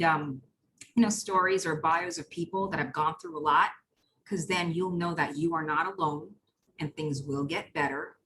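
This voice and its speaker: A woman's voice: sits low, a bit bright, slight background noise, poor audio. A woman panelist and Army veteran giving reflective advice, with many fillers. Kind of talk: panel discussion.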